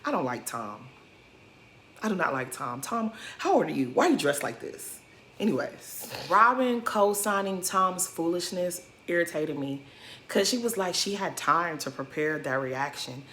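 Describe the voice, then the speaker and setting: A woman's voice: fairly low pitch, animated, a little slow, a bit bright, slight background noise. A woman giving blunt, sassy reaction commentary on a reality show, talking straight to the cast.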